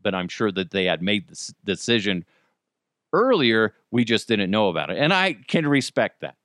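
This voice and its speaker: A man's voice: big pitch swings, normal speed, dry recording, clean studio sound. Heated, profane man ranting on a show. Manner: profane, heated, swings between loud outbursts and low asides. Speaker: show host. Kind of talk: opinionated solo commentary.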